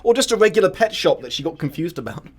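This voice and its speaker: A man's voice: high-pitched, very animated, fast talker, a little mellow. A man making wry, sarcastic comments as a guest during a comedic book reading. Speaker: guest co-host.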